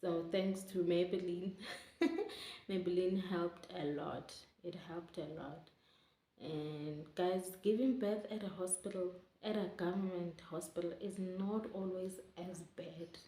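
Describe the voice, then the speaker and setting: A woman's voice: fairly low pitch, steady tone, slow pace, mellow. A young woman telling her story to camera in a chatty, emotional way, often calling her viewers guys. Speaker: vlogger. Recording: roomy echo.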